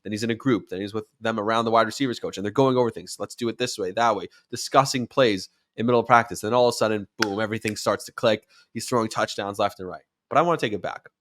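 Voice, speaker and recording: A man hosting a show, talking sports in a casual, animated way and rising to near-shouts when he acts out quotes. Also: lowish voice, fast, few pauses, no echo. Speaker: podcast host and sports radio commentator.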